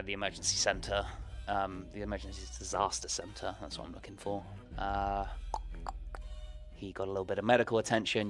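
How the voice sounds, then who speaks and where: A man with a very deep voice runs a tabletop game as its game master. He recaps loosely, stopping and restarting mid-phrase, with faint music playing behind him.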